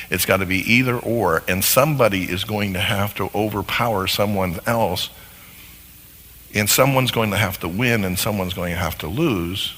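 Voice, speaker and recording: Teaching a lesson on marriage, this man speaks in a fairly low, pushed, bright voice and keeps asking his audience rhetorical questions. His lecture echoes with long hall reverb.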